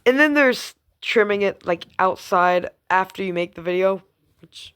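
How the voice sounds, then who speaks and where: A woman's voice: mid-range voice, animated, normal speed, fairly bright tone, slight background noise. Rambling, giggly young woman vlogger. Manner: rambling, giggly, teasing, trails off. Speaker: gaming YouTuber. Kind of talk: casual chat to camera.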